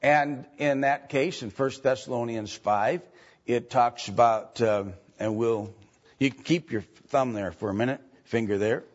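A man teaching from the Bible in a slow, halting way, with many ums and restarts. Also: medium pitch. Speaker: preacher. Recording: dull lo-fi recording.

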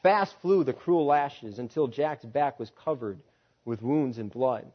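A man's voice: mid-range voice, a little slow. A man preaching, reading a story aloud with dramatic delivery and rhetorical questions, on a dull lo-fi recording.

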